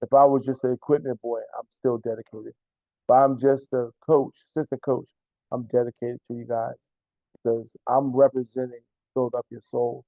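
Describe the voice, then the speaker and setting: A man's voice: medium pitch, level tone, normal speed, dry recording. A man, a team's general manager and coach, answering interview questions earnestly, repeating himself and stumbling over words. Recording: tinny phone line, dry.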